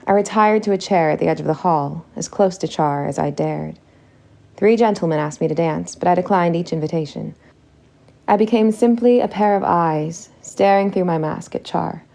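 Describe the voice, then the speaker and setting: A woman narrating a first-person audiobook in a steady, intimate storytelling manner. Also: on the low side, gravelly.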